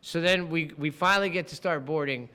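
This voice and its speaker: A middle-aged man hosting a podcast, telling a travel story in casual chat, animated, swearing often and acting out what people said. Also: fairly high pitch, brisk, smooth. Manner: animated, swears a lot, acts out quotes. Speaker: podcast co-host.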